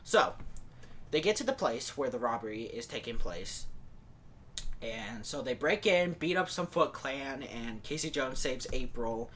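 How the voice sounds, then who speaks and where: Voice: mid-range voice, lively intonation, unhurried, a bit bright, slight background noise. A podcast host casually retelling a movie plot in a rambling way, full of fillers like "like" and "and stuff".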